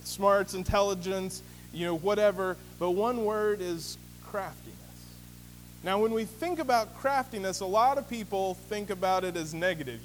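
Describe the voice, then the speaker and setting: A man preaching a sermon as pastor, in a conversational storytelling manner with many fillers. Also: high voice. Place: church sanctuary. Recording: reverberant hall with faint hum.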